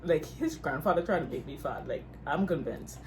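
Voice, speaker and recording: A woman's voice: low-pitched, lively intonation, normal speed, slight background noise. A young Bahamian woman co-hosting a couples Q&A, chatting casually and laughing often. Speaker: YouTube couple co-host.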